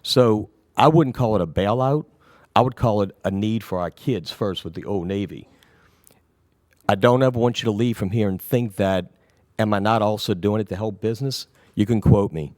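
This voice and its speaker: A man who is recovering from an illness, answering questions at a city council meeting in a rambling, reassuring way that often trails off quietly. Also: fairly low pitch, normal speed, no echo, clean studio sound. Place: council chamber.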